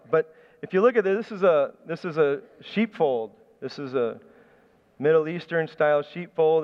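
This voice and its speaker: A man's voice: fairly high pitch, smooth, long reverb tail, highs cut off. A man preaching a sermon in a conversational, storytelling way, often restarting his phrases. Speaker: pastor.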